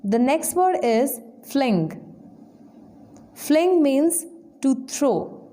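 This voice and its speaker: Female English trainer, high voice, deliberate slow lesson delivery. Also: expressive, dark tone. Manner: slow, deliberate word-by-word explanation. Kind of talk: vocabulary lesson.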